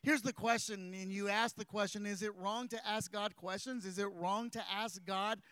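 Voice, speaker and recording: High-voiced man preaching in a park. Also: fairly even intonation, normal speed, sharp tone, clear, resonant tone, no echo. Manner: fervent preaching full of "uh" fillers. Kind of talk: sermon. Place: outdoors in a park.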